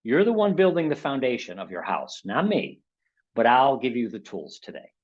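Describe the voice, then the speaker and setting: A man's voice: mid-range voice, very animated, normal speed, darkish tone, lo-fi sound. A man presenting a motivational webinar in a conversational way, often checking in with his listeners and acting out inner voices in a raised tone. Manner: conversational, keeps checking in with "okay?" and "right?".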